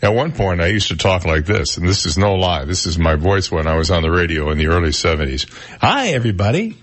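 A man in his sixties with a deep baritone voice, hosting a morning radio talk show and telling stories at a relaxed pace with plenty of fillers. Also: fast. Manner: relaxed storytelling with frequent fillers. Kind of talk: casual morning radio chat. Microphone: studio broadcast mic.

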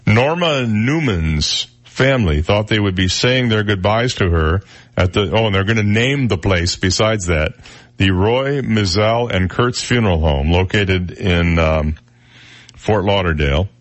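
A man's voice: lowish voice, unhurried. A man co-hosting a radio show in casual banter, reading news stories aloud and joking about them. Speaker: radio co-host. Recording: radio broadcast.

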